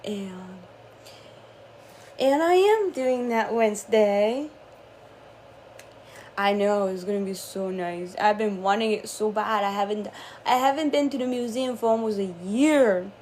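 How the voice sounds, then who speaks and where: A young woman talking casually to her viewers, drifting between soft dreamy musing and laughing, swearing frustration. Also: mid-range voice, a little slow, long pauses, a little hiss or hum. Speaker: spiritual channeler vlogger.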